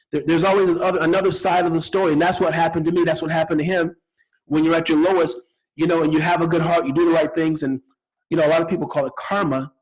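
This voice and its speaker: A man's voice: a little high, low-quality recording. A middle-aged man hosting a podcast, telling a personal story in an earnest, spiritual way, often repeating words. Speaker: podcast host.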